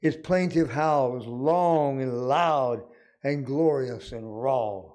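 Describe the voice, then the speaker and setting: An older man from Arkansas, a retired physician, reading his own rhymed poem aloud at a city council meeting in a measured, deliberate way. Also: mid-range voice, darkish tone. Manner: measured, deliberate recital with dry humor. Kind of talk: slow rhymed poetry reading.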